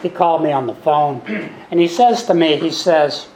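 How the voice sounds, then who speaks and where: A man's voice: fairly high pitch, expressive, normal speed, darkish tone. Folksy seventy-something man in an echoey room. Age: 70s. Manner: folksy, repetitive, wry and sarcastic. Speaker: speaker sharing recovery story. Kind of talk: recovery meeting talk. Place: meeting room.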